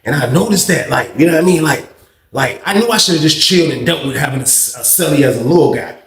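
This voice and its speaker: A man telling a storytime vlog tale, animated and profane, acting out the dialogue. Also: a little high, fast talker, creaky, echoey room. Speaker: vlogger.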